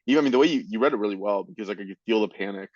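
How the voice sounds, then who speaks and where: A man co-hosting a history podcast, easygoing and thinking out loud as he reacts to the story. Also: fairly low pitch, racing, no echo, muffled recording. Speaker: podcast co-host. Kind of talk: casual history chat.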